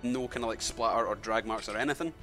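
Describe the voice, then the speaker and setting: A game master runs a tabletop game, speaking quickly in a lowish, pushed, bright voice over soft background music. His narration rambles loosely, heavy with fillers like "kinda" and "like."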